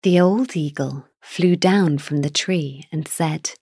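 A woman narrating a children's fairy tale in a measured, gentle reading style. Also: low voice, husky, dry recording, studio quality. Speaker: storyteller. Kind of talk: storybook narration.

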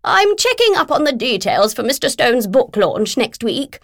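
A pompous, bellowing literary agent who steamrolls every conversation and speaks to others as if they were slow children, a woman putting her on as she reads a story. Her voice sits well above the reader's own and pushes forward in volume. It comes across close and dry. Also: fairly high pitch, sing-song, fairly bright tone, no room sound, pitched above the performer's own voice. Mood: brisk, imperious. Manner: bellowing, overbearing, condescending.

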